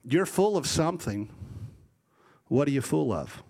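A middle-aged man preaching a sermon, animated and rising to loud emphasis, acting out voices as he tells stories. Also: a little high, a little slow, creaky.

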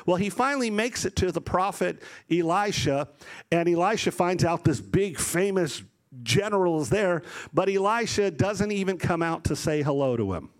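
Animated male pastor preaching. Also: sits high, moderate pace. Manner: animated storytelling, acts out voices. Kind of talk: sermon.

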